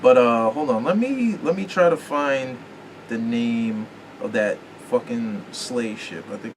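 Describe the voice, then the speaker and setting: A podcast host with a medium-pitched voice chats casually at a measured pace, rambling and swearing as he often pauses to hunt for words. The mic is distant, picking up faint room noise.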